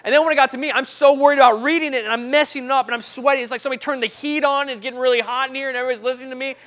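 Young guy giving a talk to a crowd, really high bright voice, acts stuff out, gets loud then goes quiet. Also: racing. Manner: animated, acts out voices and sound effects. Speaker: speaker. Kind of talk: motivational talk to an audience.

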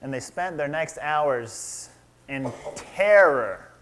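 Slow and expressive, this man in his thirties preaches a sermon with a slightly high, fairly bright voice. He retells a story, puts questions to his audience, and acts out the quotes.

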